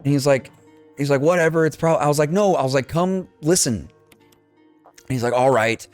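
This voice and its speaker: In a casual podcast segment, a young male co-host tells a childhood story with animation, swearing freely and acting out the dialogue. His medium-pitched voice moves at normal speed, in a dry recording with soft background music.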